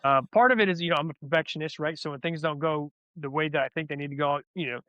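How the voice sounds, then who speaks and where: A man talks fast and candidly, looping back over his words as he tells a personal story. His voice sits a little high for a man. The audio is dull and lo-fi. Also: a bit bright, dry recording. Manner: rambling, repeats words as he restarts. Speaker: guest, former soldier turned wellness advocate.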